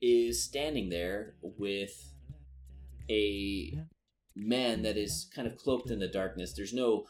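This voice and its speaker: A man narrating as game master of a tabletop game, relaxed and full of fillers and laughs. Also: fairly low pitch, slow.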